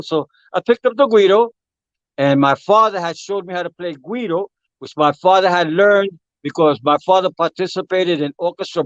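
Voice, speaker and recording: A man's voice: high voice, dry recording, highs cut off. A man being interviewed as a guest musician, telling a story in a casual way and acting out the voices of the people in it. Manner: animated, acts out quotes of others.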